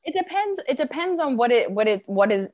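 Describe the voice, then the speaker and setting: A woman comedian chatting as a podcast guest, lively and laughing, acting out her own rants. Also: high-pitched, a little fast, dry recording, studio quality. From United States. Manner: animated, laughing, acts out rants. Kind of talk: casual podcast chat.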